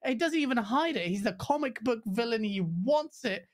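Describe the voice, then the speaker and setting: A woman co-hosting a gaming podcast, talking bluntly in casual chat, swearing freely and jumping into high mocking quotes of other people. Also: expressive, moderate pace. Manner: blunt, profane ranting. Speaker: podcast co-host.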